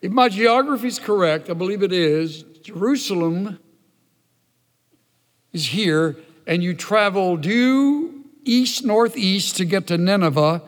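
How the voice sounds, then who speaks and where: A male preacher delivering a sermon in a slightly high voice, slow and emphatic. Long hall reverb rings around every phrase. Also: lively intonation. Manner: emphatic, storytelling.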